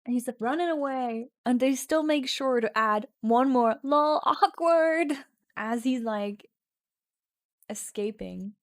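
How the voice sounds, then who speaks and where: A woman streams an AI text adventure from her home setup, chatting casually as she types, laughing at herself often and reading story lines aloud in English, which isn't her first language. Her voice is a little high and slightly slow, recorded dry with clean studio sound.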